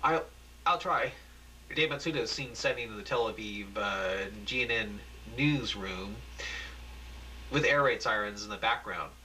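Bright-voiced man reading a play. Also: on the low side, slight background noise, rough recording. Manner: halting, frequent restarts and fillers. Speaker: reader of an amateur radio play. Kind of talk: reading a script aloud, stumbling over lines.

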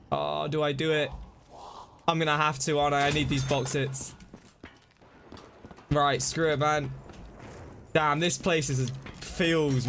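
A man's voice: a little high, a little hiss or hum. Chatty young man streaming a game. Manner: chatty, excitable, reacting and chatting to viewers. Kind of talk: casual live-stream commentary.

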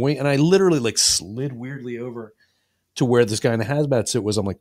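A man's voice: medium pitch, fast, darkish tone. A man co-hosting a podcast, telling a long, rambling, profane anecdote in casual chat and acting out the quotes. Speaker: podcast co-host. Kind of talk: casual storytelling.

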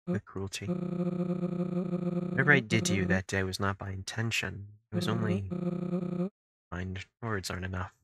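A man voicing a lonely, wounded monster recluse who speaks in a quiet, low, mournful way. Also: a little slow, pauses often, no room sound. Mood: sorrowful. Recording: game music behind the voice.

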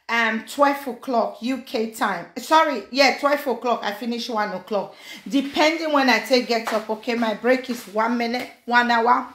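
A woman's voice: a little high, normal speed, echoey room. Chatty woman. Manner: chatty, mixes in pidgin, gives blunt advice. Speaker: vlogger. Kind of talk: casual live-stream chat.

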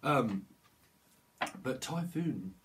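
A man talks through a channeled tarot reading in a loose, rambling way, breaking into laughs and acting out short quoted voices. His voice sits at a middling pitch. A faint hiss runs under the recording. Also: lively intonation, drawn-out words. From United Kingdom. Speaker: tarot reader.

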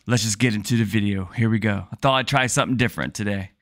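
A man hosting a compilation video, giving relaxed, slightly hesitant reaction commentary. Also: fairly low pitch, fast, dry recording, studio quality. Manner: relaxed, hesitant, chuckling asides.

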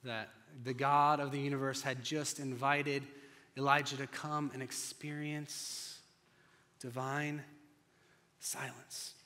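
A male pastor preaching a sermon, telling the story dramatically and swinging between loud and hushed delivery. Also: mid-range voice, little pitch movement, slow pace. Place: church sanctuary. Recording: long church reverb.

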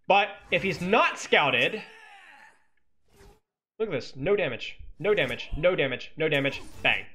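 Teasing bright-voiced male coach. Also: a little high. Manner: teasing, sarcastic, jokey. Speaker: esports coach. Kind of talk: game replay analysis.

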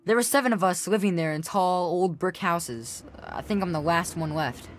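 A woman's voice: on the low side, normal speed, faint music behind, natural voice. A woman voicing a frightened young boy in a video game, pleading and whining for help. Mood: explaining. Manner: scared, whiny, breathless pleading.

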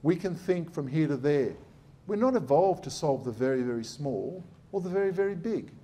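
A man's voice: a little high, expressive, normal speed, mellow. A middle-aged man, a surgeon giving a blunt, sarcastic public talk.

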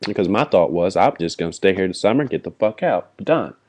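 A man's voice: deep voice, lively intonation, fairly quick, a little mellow. A young man vlogging a rambling, heartfelt apology, swearing freely as he talks. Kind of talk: personal apology vlog.

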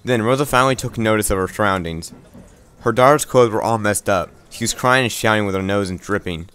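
A man's voice: lowish voice, fairly quick, a bit bright, clean tone. A man reading a visual novel aloud, stumbling and restarting words, with wry asides.

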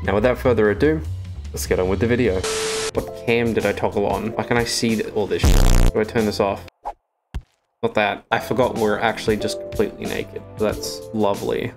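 A young man with an Australian accent, a gaming streamer talking casually over gameplay, joking, swearing and bursting out excitedly. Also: on the low side, fairly quick, over music.

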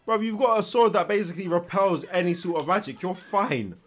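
A man's voice: sits high, fairly quick. Tired, chatty man reacting. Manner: animated, chatty, slangy asides, repeats himself. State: tired, yawning. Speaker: anime reaction host. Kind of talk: casual reaction commentary. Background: faint anime soundtrack.

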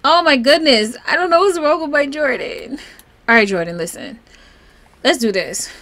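A woman giving casual gameplay commentary in a voice pitched a little high. Her tone swings up and down freely. She chats along and coaxes her game characters like they're her kids. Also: animated, normal speed, a bit bright. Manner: chatty, talks fondly to her game characters. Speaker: let's play host.

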